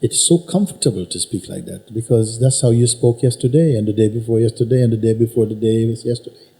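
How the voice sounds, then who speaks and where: Spiritual teacher guy talking to a crowd, soft dark voice, slow and emphatic, keeps asking who is speaking. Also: medium pitch, rough recording. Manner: probing, repeats questions to the listener. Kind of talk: satsang teaching talk. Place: teaching hall with an audience.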